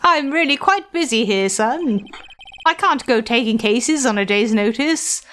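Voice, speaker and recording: A woman's voice: fairly high pitch, lively intonation, a little slow, fairly bright tone, slight background noise. A woman voicing a pompous, evasive older male lawyer from a video game, stammering out excuses, with faint game music behind her. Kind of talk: reading game dialogue aloud.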